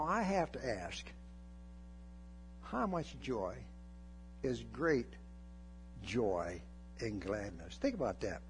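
Folksy older preacher, lively voice. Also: male voice, on the high side. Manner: folksy, animated, jokes and acts out Bible scenes. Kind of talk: sermon.

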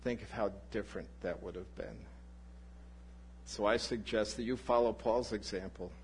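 A male pastor preaching a sermon, telling a personal story in an animated way and acting out the people in it. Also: lowish voice, moderate pace, slight background noise. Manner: animated anecdote, voices the people in his story.

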